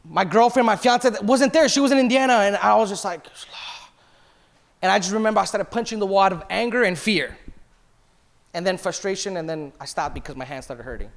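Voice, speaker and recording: With a voice that sits high and carries vocal fry, a man in his thirties, a pastor, speaks a little fast as he shares an emotional testimony in a church sermon. He's confessional and often quotes himself and other people.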